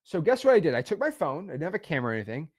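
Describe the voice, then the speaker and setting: A man in his twenties, a real estate wholesaling educator, talking emphatically and repeating himself as he pitches directly to the camera. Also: sing-song. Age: 20s. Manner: emphatic, repetitive, fast-talking, self-assured.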